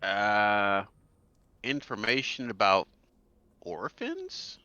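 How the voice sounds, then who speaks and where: Bright-voiced, laughing male tabletop player. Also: fairly low pitch, drawn-out words, dull audio, a little hiss or hum. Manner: laughs often, animated and easily confused. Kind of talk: casual tabletop game chat.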